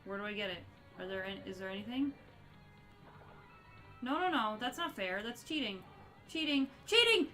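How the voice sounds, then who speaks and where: A woman giving excitable live commentary as she streams a video game, gasping and yelping at what happens on screen. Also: mid-range voice, moderate pace, long pauses, faint music behind.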